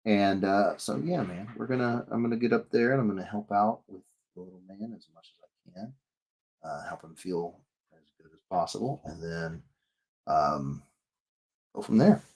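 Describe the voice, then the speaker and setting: A man in his thirties with a fairly low voice chats casually with his live-stream viewers while he draws. He rambles, jokes and restarts his sentences often, reading their comments aloud as he goes. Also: moderate pace, darkish tone, slightly rough. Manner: rambling and jokey, reads chat aloud, frequent restarts. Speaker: illustrator streaming while drawing.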